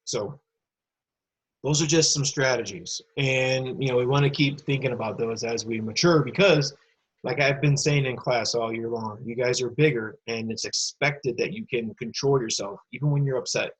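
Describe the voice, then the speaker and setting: A man's voice: medium pitch, moderate pace, breathy edge, low-quality recording. A male teacher recording a remote lesson for students, explaining patiently and addressing the kids directly. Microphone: computer mic.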